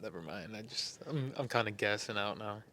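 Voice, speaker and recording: A man's voice: lowish voice, animated, brisk, bright, forceful tone, no echo. A young man co-hosting a casual podcast, rambling and trailing off with many fillers. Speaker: podcast co-host. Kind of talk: casual chat.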